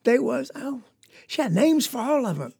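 A woman's voice: sits high, big pitch swings, moderate pace, vocal fry, dark tone, slightly rough, full character voice. Woman playing a folksy Southern farm girl. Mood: earnest. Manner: rambling, folksy, confiding. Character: young farm girl telling a story, earnest. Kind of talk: dramatic monologue.

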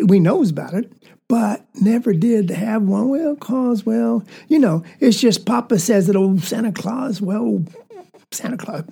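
Woman, Southern accent, dramatic monologue, folksy drawl, husky, mellow. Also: mid-range voice. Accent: Southern American. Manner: folksy drawl, breathless excited telling. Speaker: storyteller.

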